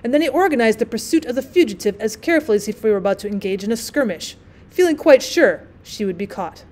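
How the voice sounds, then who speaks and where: A woman's voice: fairly high pitch, animated, fast, a little mellow. Woman reading a classic story aloud.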